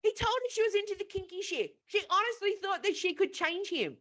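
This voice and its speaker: A woman's voice: very high voice, expressive, a little fast, fairly bright tone. A woman co-hosting a casual podcast, retelling a film plot in a profane, rambling way. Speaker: podcast co-host.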